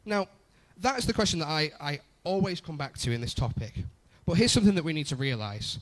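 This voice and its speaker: Lively, conversational male preacher. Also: on the high side, fairly quick. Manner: conversational, repeats phrases for emphasis. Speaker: pastor. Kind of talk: sermon.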